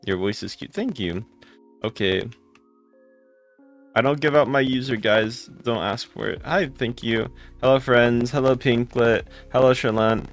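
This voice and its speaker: A man live streaming a game, rattling off quick greetings and answering chat comments in casual talk. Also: medium pitch. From United States.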